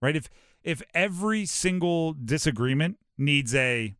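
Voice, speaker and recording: A man from Hawaii hosting a sports talk show, animated and rhetorical, often acting out quotes. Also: a little high, measured pace, no echo, studio quality.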